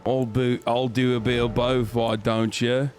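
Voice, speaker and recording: A man's voice: mid-range voice, little pitch movement, a little slow, faint music behind. A man in his thirties casually commenting on a game he plays, swearing and talking back to his chat. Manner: laid-back, profane, talks to chat. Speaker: streamer.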